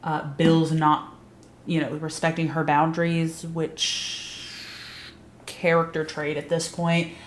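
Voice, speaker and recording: A woman's voice: deep voice, monotone, takes it slowly, a little hiss or hum. A young adult woman recapping a TV series in casual, blunt, emphatic talk, swearing freely. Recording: roomy echo.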